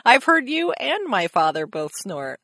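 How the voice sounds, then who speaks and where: A woman's voice: mid-range voice, very animated, unhurried, bright, forceful tone, no echo. A young woman co-hosting a podcast in casual chat, joking and swearing freely. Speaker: podcast co-host.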